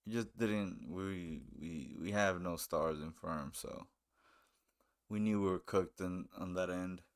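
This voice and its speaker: A low-voiced man hosts a live stream at a slow pace, chatting casually and commenting on a game. He is laid-back and tends to repeat phrases.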